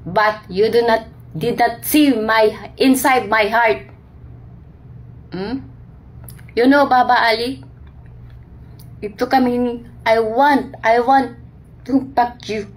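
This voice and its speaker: A Filipina woman with a Filipino accent speaks slowly in a somewhat high voice. She pleads and reproaches in broken English, as if talking to a man who is not there. This is a heartbroken vlog monologue. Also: steady tone. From Philippines. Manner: pleading, heartbroken, addresses an absent man directly; mixes broken English with Tagalog. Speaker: overseas worker vlogger. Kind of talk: emotional direct-to-camera monologue.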